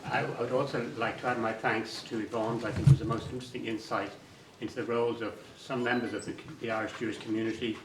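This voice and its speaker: A man, a council chairman, giving a formal speech of thanks at a podium, halting with slips and restarts. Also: mid-range voice, flat delivery. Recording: echoey room, distant mic, audible noise.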